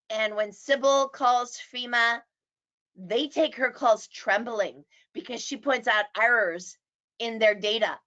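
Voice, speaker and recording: A middle-aged woman teaching real estate agents, animated and acting out quoted people. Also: on the high side. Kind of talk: presentation. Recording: dull lo-fi audio.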